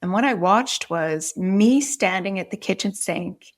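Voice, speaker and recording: A woman's voice: medium pitch, animated, a little slow. A middle-aged woman, a podcast guest, earnestly retelling a personal story in vivid detail.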